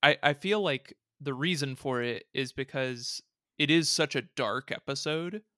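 An easygoing podcast co-host talks things through in casual chat. His voice is smooth and bright, recorded dry and close. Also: medium pitch, measured pace, dry recording.

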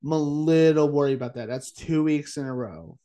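A man's voice: fairly high pitch, warm tone. A tired man co-hosting a casual sports-betting chat late at night, full of "like" and "uh" as he rattles off his picks. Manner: chatty, says "like" and "uh" often, fires off quick picks. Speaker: podcast co-host.

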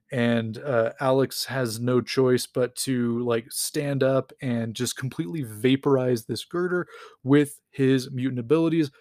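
Male host, average pitch, dry close mic; enthusiastic rambling storyteller. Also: a little mellow, no echo. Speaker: comics recap host. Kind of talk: casual retelling.

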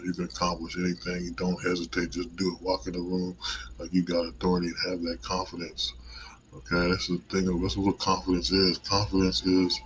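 Host, male, very low and monotone voice, loose rambling pep talk with some swearing, faint crickets behind. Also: a little hiss or hum, poor audio. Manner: casual, digressive, mildly profane. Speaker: podcast host. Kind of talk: rambling motivational monologue.

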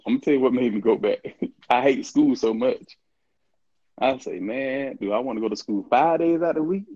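A fast-talking middle-aged man with a warm, mid-range voice tells casual stories as an interview guest, drawing on his days as a college football player. He acts out the dialogue he quotes and laughs often. No room sound is audible, and the highs are cut off.

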